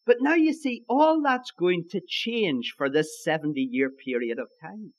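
A man's voice: high-pitched, lively intonation, a little slow, poor audio. A man with an Irish accent preaching a sermon, emphatic, repeating his key lines and calling his listeners his friends.

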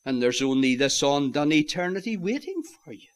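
A man preaching a sermon, swinging from loud declarations to hushed, near-whispered lines and calling his listeners "my friends". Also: fairly high pitch, sing-song, normal speed.

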